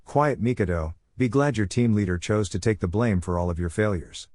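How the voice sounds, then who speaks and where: A man's voice: lowish voice, brisk, a little mellow, dry recording, clean studio sound, close to an everyday voice. A man voicing a stern male village leader giving curt orders. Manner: curt, commanding.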